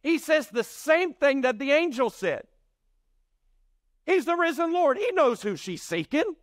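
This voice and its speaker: A man preaching a sermon, telling the story in animated fashion and acting out the voices of its characters. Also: very high voice, unhurried, no room sound, clean studio sound. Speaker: pastor.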